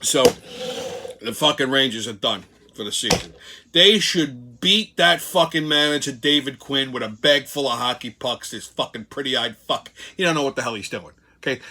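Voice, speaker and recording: A man's voice: a little high, sharp tone. A middle-aged man, hosting a profane sports rant in an angry, swearing tone. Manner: angry, foul-mouthed, ranting. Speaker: sports commentary host.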